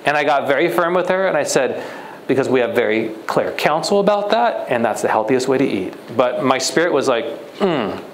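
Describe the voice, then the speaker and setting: A man's voice: mid-range voice, expressive, a little fast, echoey room, a little hiss or hum, rough recording. A young man, a guest speaker at a church retreat, telling a personal story in a conversational way and acting out the dialogue. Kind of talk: sermon storytelling.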